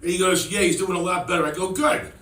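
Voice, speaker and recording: A middle-aged man tells rambling stand-up stories, now and then slipping into kids' voices. His voice sits a little high and comes from a distance off the mic. The room is echoey, and a crowd laughs loudly behind him. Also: fairly even intonation, fast. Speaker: stand-up comedian. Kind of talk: stand-up routine. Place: comedy club stage with audience.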